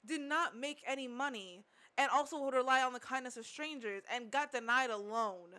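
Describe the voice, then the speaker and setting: Bright woman ranting on a podcast. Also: sits high, moderate pace. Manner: animated, ranting, fillers. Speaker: podcast co-host. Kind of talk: casual chat.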